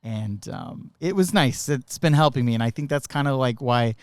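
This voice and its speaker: A man's voice: mid-range voice, lively intonation, normal speed, no echo. A man co-hosting a casual podcast chat, speaking earnestly and asking short follow-up questions. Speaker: podcast co-host.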